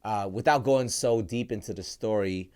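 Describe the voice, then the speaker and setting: A man's voice: lowish voice, normal speed, darkish tone, smooth. Rambling young man telling a story. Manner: rambling, heavy use of "like" and "bro". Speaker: podcast co-host. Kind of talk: casual storytelling chat.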